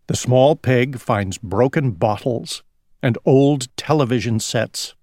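A man reading a picture book aloud in a slow, expressive storytelling manner. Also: mid-range voice, dry recording, clean studio sound.

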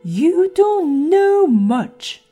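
A woman voicing a rough-tempered old duchess with a hoarse, growling, slow and loud delivery. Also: very high voice, very animated, soft background music, voice pushed up, full character voice. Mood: gruff.

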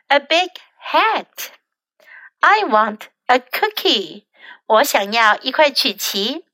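A woman whose first language is Chinese, teaching children English in a bilingual lesson. She repeats each English phrase slowly after its translation. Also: high voice, animated, bright, forceful tone, dry recording.

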